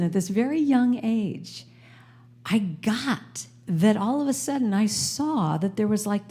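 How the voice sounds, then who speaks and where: An American woman speaks to a live congregation in a spiritual center. She tells a personal story with lively energy, acting out the voices of the people in it. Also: mid-range voice, slightly rough. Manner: animated, acts out voices in her story. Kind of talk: storytelling sermon. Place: church sanctuary before a live congregation.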